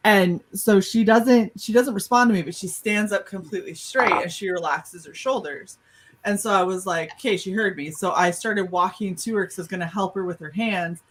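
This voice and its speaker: Animated woman telling a story. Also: mid-range voice, normal speed, poor audio. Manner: animated, swearing, laughing storyteller. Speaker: podcast panelist. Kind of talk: casual storytelling chat.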